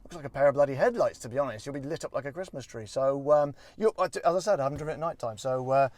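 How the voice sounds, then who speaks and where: Rambling, jokey car reviewer. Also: male voice, mid-range voice, very fast, a little mellow, no room sound. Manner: rambling, self-deprecating, jokey asides. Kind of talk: casual car walkaround review. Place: in and around a parked car.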